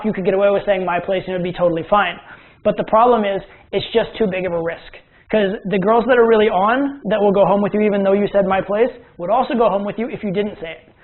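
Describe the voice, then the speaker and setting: A man teaching a recorded course lecture as a dating coach, chatty and often checking in with "right?" and "okay?". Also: high-pitched. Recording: tinny phone-like lo-fi sound.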